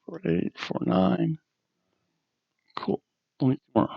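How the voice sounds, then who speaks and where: A man's voice: on the high side, very animated, takes it slowly, creaky, no echo, dull audio. A man hosting a wrestling review podcast, chatting casually in a rambling, self-deprecating way. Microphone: headphones on, desk mic.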